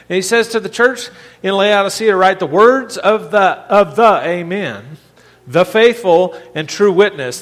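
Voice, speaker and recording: A pastor delivers a conversational sermon, his high-pitched voice carrying through a church with a long reverb. He keeps restarting his phrases and then builds toward emphatic points. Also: a bit bright. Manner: conversational preaching with frequent restarts and rising emphasis.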